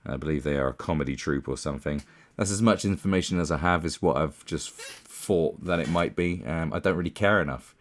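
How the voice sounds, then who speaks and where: A man's voice: a bass voice, a bit bright. A man giving casual commentary, rambling and scornful, with many fillers and restarts. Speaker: commentary YouTuber.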